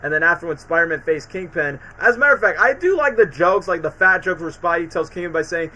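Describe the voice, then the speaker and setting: Bright-voiced man rambling on a casual stream. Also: fairly high pitch, lively intonation, low-quality recording. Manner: rambling, fast, peppered with "like" and "bro". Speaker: streamer and channel host. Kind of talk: casual commentary livestream.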